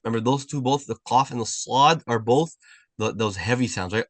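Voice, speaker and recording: A man teaching an online Arabic class, patiently correcting pronunciation and repeating sounds slowly. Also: mid-range voice, a bit bright, dry recording. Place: video call.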